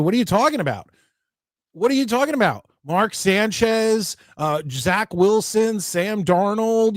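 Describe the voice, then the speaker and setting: A man's voice: high voice, expressive, moderate pace, no room sound, clean studio sound. A man hosting a casual sports talk show, reading viewer comments aloud and ranting with many restarts. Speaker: podcast host reading chat.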